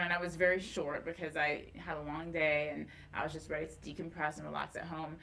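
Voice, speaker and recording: A woman's voice: deep voice, little pitch movement, fairly quick, creaky, bright, forceful tone, a little hiss or hum, poor audio. A young woman in her twenties, a news anchor guest, telling personal stories in an earnest, emotional way during a casual chat.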